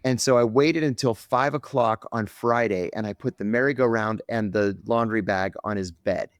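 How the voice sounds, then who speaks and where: A middle-aged man, a podcast guest, telling a story with lively acted-out quotes on a close mic. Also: fairly low pitch, normal speed, dry recording.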